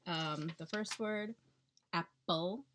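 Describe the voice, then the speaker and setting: A woman's voice: lowish voice, moderate pace, a little hiss or hum. A woman speech-language pathologist explaining techniques in a chatty, instructional way, checking in with the listener often.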